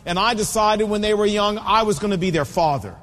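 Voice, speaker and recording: A man's voice: sits high, a little fast, a bit bright, in a large hall. A man in his fifties preaching a sermon with an emphatic, repetitive cadence. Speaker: pastor.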